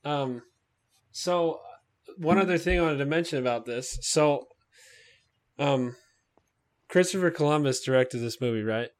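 A man hosting a casual movie podcast, chatting loosely with fillers and side tangents. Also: medium pitch. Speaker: podcast host.

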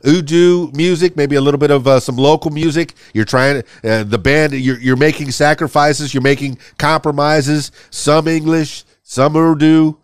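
Smooth-voiced male host, close and dry. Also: a little high, fairly even intonation, normal speed, few pauses, no room sound. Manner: rambling, anecdotal questions. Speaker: podcast host. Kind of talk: casual interview chat.

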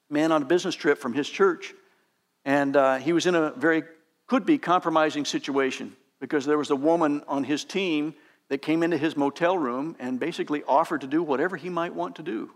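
Higher-voiced man preaching emphatically. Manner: emphatic preaching, pitch rising on exhortations. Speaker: pastor. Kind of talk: sermon.

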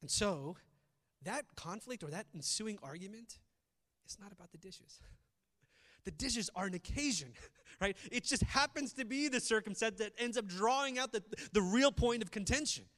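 A male pastor giving a conversational sermon, shifting between loud emphasis and quiet reflective asides. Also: high voice, animated, normal speed, long reverb tail.

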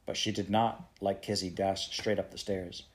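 A man reading a children's novel aloud in a steady storytelling manner. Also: low voice, moderate pace. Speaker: audiobook reader.

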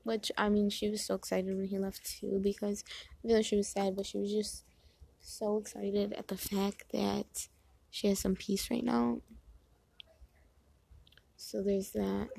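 A woman's voice: medium pitch, completely flat delivery, unhurried, creaky, pauses often, mellow, slightly rough, no echo. A young woman in casual chat, telling a rambling, exasperated story and acting out other people in quoted asides. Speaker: vlogger.

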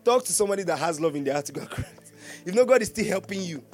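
A man's voice: sits high, animated, racing, faint music behind. A man with a Nigerian accent preaching a sermon as pastor, joking and laughing often and asking the congregation questions.

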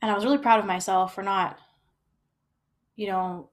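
A woman's voice: mid-range voice, steady tone, moderate pace. A young woman telling her own story in a candid, reflective way, with frequent fillers and restarts. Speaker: storyteller sharing personal experience.

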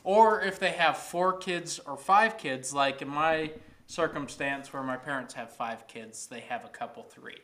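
Podcast co-host, man, slightly high, bright forceful tone, joking explainer. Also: unhurried. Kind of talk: casual chat.

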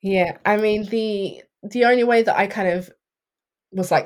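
A woman casually discussing a horror film, chatty, laughing often and filling pauses with ums. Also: medium pitch, darkish tone. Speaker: podcast co-host.

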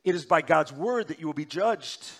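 Male pastor, middle-aged, fairly high voice; urgent sermon delivery that swings from loud to hushed. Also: expressive, normal speed. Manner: swings between loud urgent preaching and quiet hushed stretches.

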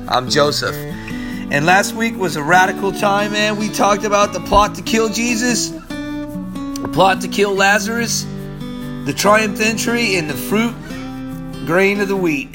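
High-voiced laid-back male pastor. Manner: loose, chatty, peppered with "man". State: weather-strained voice. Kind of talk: casual Bible-study sermon.

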